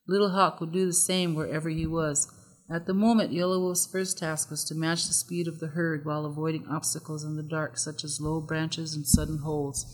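A narrator reads a story aloud in an even, measured manner, at a middle pitch. The voice carries a long, lingering reverb, as if recorded in a large hall. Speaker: audiobook narrator. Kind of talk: scripted narration.

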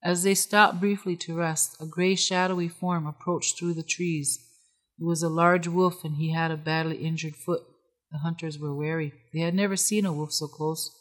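Measured storyteller, calm, story read aloud. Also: medium pitch. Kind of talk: scripted story narration.

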